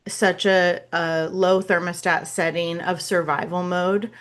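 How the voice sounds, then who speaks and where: A woman hosts a podcast interview at a medium-low pitch. She thinks aloud, repeats words as she searches for them, and often ends a thought with "right?". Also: steady tone, a little slow. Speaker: podcast host. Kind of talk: casual interview conversation.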